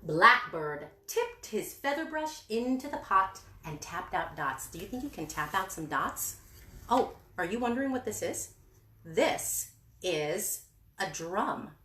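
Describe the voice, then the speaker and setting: A woman reading a picture book aloud to young children, animated and singsong, asking them questions as she goes. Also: medium pitch, measured pace, slight background noise. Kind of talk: children's story time read-aloud. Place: indoor room with books. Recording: echoey room.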